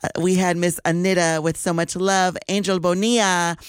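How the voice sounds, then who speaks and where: A woman radio host doing morning show patter in a studio, gushing, emotional and excited as she talks. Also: fairly low pitch, moderate pace, smooth, no room sound. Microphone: studio microphone.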